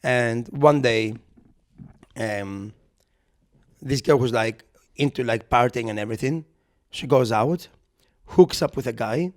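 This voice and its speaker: A man co-hosting a podcast, telling a comic story in casual chat, animated and swearing, acting out the people he quotes. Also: mid-range voice, slow. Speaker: podcast co-host. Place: podcast recording.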